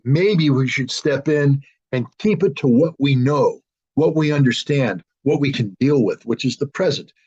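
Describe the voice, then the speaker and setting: A man's voice: medium pitch, animated, unhurried, a little mellow, breathy edge. A man speaking as an interview guest, blunt and emphatic, often restarting his sentences. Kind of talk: political interview talk. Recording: dull lo-fi audio.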